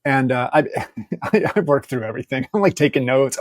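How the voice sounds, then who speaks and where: A man telling stories as a podcast guest, casual and animated, laughing often and acting out quotes. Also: medium pitch, moderate pace, dry recording, studio quality. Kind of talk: casual interview storytelling.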